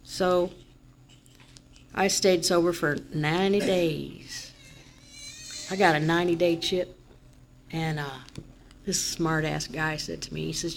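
A woman's voice: deep voice, flat delivery, measured pace, vocal fry, pauses often, a little hiss or hum. A woman giving a candid, rambling personal testimony at a recovery meeting. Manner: candid, rambling, rising to loud frustration in retold moments. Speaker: member sharing at a recovery meeting.

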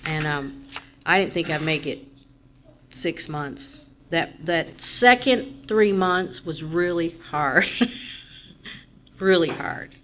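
A woman's voice: deep voice, lively intonation, slow, long pauses, a little hiss or hum. A woman giving a candid, rambling personal testimony at a recovery meeting. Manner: candid, rambling, rising to loud frustration in retold moments. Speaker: member sharing at a recovery meeting.

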